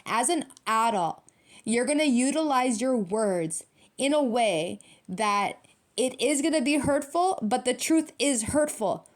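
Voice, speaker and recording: A woman's voice: a little high, expressive, unhurried. A young adult woman giving a casual tarot reading, blunt and profane, full of street slang and emphatic repetition. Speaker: tarot reader.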